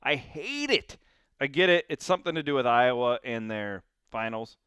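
A man with a smooth, clear voice hosts a casual sports talk show and states his opinions bluntly and with energy. The sound is dry and close to the mic. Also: mid-range voice, brisk, dry recording. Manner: opinionated, animated. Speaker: sports radio host.

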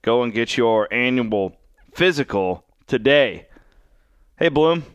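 Smooth-voiced male podcast host. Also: medium pitch, animated, slow pace, no echo, dull audio. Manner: friendly, reads ad spots then chats. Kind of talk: casual sports chat.

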